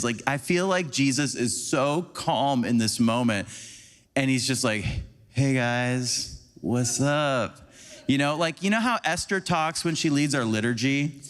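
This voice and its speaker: A man giving a conversational, animated sermon as a preacher, acting out little scenes for the congregation. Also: on the high side. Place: church sanctuary. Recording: long church hall reverb.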